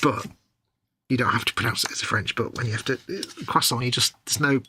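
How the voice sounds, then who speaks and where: A man's voice: medium pitch, steady tone, brisk, background noise. An English man co-hosting a casual chat while building models, explaining at length and laughing along. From England. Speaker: co-host.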